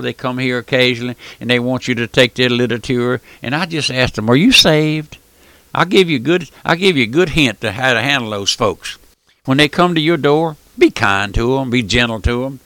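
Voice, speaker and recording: A man's voice: mid-range voice, fairly bright tone, no room sound. A man preaching a folksy radio sermon, emphatic and full of rhetorical questions.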